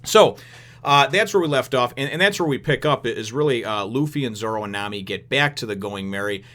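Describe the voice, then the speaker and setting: A man hosting a casual chapter review show in a middle-pitched voice. He rambles freely, padding his recap with fillers. He talks loosely, as if chatting to friends. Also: animated, a little fast, fairly bright tone. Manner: rambling, filler-heavy, acts out characters in high voices. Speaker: host of a manga review show.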